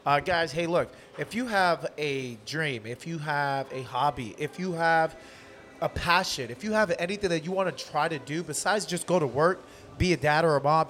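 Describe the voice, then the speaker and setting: Upbeat man hosting a podcast at a bar. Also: fairly high pitch. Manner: animated, motivational, says literally a lot. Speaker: podcast host. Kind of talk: casual chat.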